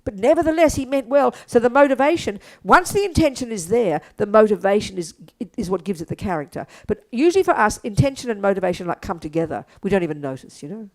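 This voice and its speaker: An older woman giving a blunt, animated Buddhist teaching to an audience. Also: mid-range voice, fast, few pauses. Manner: animated, blunt, acts out quotes, laughs.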